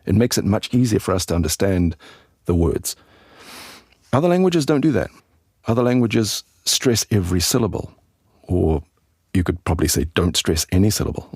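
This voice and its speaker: A man hosting a podcast lesson as an English teacher, explaining in a relaxed, chatty way with asides to the listener. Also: low-pitched, husky, no room sound, studio quality.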